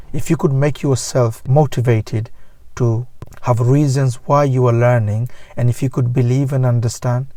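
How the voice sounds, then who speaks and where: Deliberate mellow-voiced male teacher. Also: mid-range voice, no echo. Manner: slow, deliberate, repetitive phrasing. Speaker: English teacher. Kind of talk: scripted lesson to camera.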